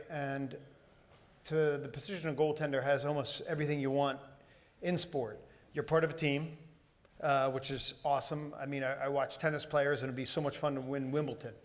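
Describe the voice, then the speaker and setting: A man's voice: fairly high pitch, steady tone, moderate pace. A man in his forties, a guest at a live Q&A, answering conversationally and searching for words with fillers and restarts. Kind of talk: casual on-stage Q&A answers. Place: stage at a live event.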